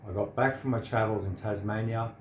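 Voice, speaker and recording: A man's voice: fairly low pitch, steady tone, fairly quick, roomy sound, slight background noise. An earnest, sincere man, giving a preachy personal monologue to the camera. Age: 30s. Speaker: vlogger.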